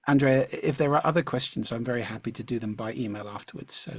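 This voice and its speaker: A man, a speaking coach, answering audience questions in a measured, reflective way and clearing his throat now and then, over a video call mic. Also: mid-range voice, crowd noise.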